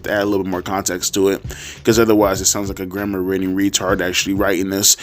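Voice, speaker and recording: A man's voice: deep voice, flat delivery, fast talker, faint music behind. Profane sarcastic man ranting. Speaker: wrestling commentary vlogger. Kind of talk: casual rant to camera.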